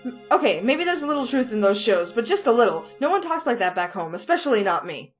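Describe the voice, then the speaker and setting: A woman's voice: a little high, animated, fairly quick, a bit bright, soft background music. A woman voicing a polite, touchy young Southern man with an Alabama drawl, read from a visual novel. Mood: defensive. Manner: formal, drawling, defensive. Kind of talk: reading a visual novel aloud.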